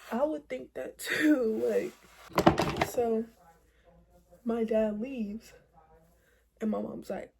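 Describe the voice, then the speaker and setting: A woman's voice: a little high, dark tone, a little hiss or hum. A young woman vlogger telling a personal story to viewers in a dramatic, profane way, with frequent asides to them. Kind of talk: storytime vlog.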